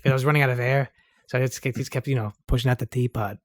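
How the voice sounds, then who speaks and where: A man's voice: mid-range voice, steady tone, racing, no room sound. A man with a Boston accent chatting casually on a podcast, rambling and joking, often trailing off into filler words. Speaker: podcast co-host. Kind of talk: casual chat.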